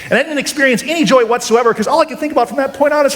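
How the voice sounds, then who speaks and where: Male inspirational speaker and juggler. Pitched high, very animated, a dramatic storyteller working a live crowd. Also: very fast. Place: large room with a high ceiling before a live audience.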